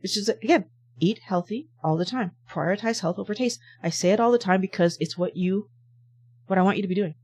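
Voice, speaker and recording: A woman hosts a health talk in an emphatic, coaching style. She hammers her point home with quick rhetorical "why?" questions, sitting at an ordinary mid pitch. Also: a little mellow. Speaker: health channel host. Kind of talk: motivational talk to camera.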